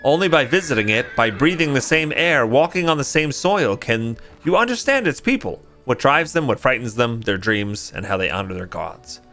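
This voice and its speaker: A man voicing an earnest, gentle young male traveling priest while reading game dialogue aloud in a lifted, formal tone. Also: medium pitch, animated, normal speed, hardly any pauses, faint music behind.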